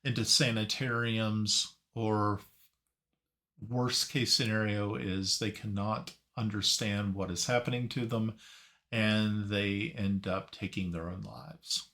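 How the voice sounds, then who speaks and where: A man narrating a tabletop game as game master, halting and searching for his words. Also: on the low side, steady tone, sharp tone.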